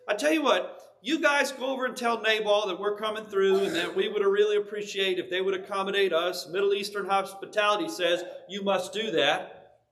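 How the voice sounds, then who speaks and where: A man's voice: high-pitched, steady tone, a little fast, fairly bright tone. A man voicing a hot-tempered young warrior leader who commands his men with indignant fury. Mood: eager.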